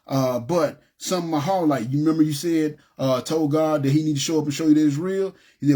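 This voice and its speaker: A man with a somewhat high, husky voice tells his personal testimony. He speaks in an emotional, halting way, restarting sentences and choking up with tears at times. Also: dark tone.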